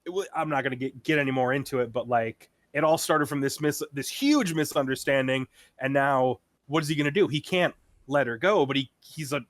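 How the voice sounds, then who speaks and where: A man's voice: mid-range voice, fairly quick, fairly bright tone, dry recording, studio quality. A man co-hosting a podcast, retelling a show in a rambling casual chat full of fillers and quoted lines. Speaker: podcast co-host.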